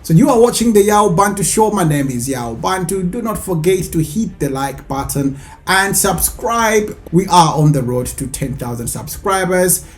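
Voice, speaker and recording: A man hosting an online news commentary show, explaining events in a measured way with some fillers. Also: sits high, expressive, faint music behind.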